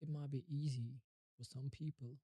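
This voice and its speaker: A man's voice: mid-range voice, fairly even intonation, moderate pace, mellow, breathy edge, no echo, rough recording. A man on a livestream practicing English pronunciation, muttering and repeating single words over and over to himself. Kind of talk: casual live practice, talking to himself.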